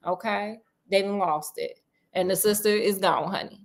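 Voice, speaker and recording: A woman retelling a story in a comedic, slangy, animated way, talking straight to her listener. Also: medium pitch, moderate pace.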